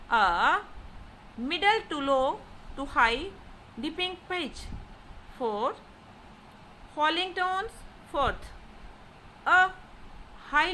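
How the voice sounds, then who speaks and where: High, bright-voiced woman teaching slowly. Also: a little hiss or hum. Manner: deliberate, repeats example syllables with exaggerated tones. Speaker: language teacher. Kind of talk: slow explanatory lesson narration.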